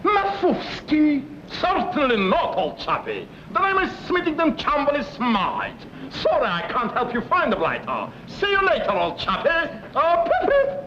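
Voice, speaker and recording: A nervous Russian man with a Russian accent who slips into a pompous English-gentleman act. His voice sits high and leaps all over the place. It comes through a dull, hissy 1940s film soundtrack. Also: huge pitch swings, measured pace, heavily acted. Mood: mock posh. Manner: pleading, flustered, theatrical swoops. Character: jittery Russian man faking a posh English gent.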